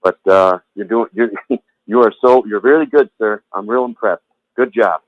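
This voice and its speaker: A man's voice: on the low side, normal speed, no room sound. A man speaking over a thin, phone-like line with a dry, close sound. He talks bluntly and at length, circling back to the same words and tossing in profanity. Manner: rambling, repeats himself, blunt and profane. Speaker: former Jehovah's Witness sharing his story. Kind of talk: heated phone conversation.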